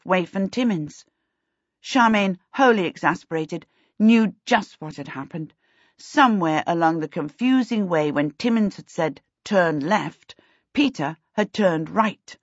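A woman narrates a fantasy novel in a measured, even way. Her voice is low and husky. The sound is dry and a little dull. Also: no room sound. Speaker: audiobook narrator. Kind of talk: scripted narration. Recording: dull, dry lo-fi audiobook recording.

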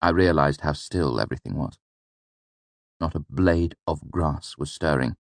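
A man reading first-person narration for an audiobook in a measured, steady storytelling manner. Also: very deep voice, vocal fry, no room sound.

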